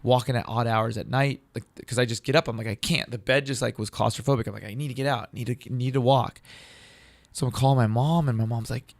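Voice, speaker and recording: A man in his thirties, a comedian, telling a story in casual talk, profane and animated, acting out what others said. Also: medium pitch, brisk, vocal fry, dry recording. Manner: animated, profane, acts out quoted dialogue. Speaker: comedian guest.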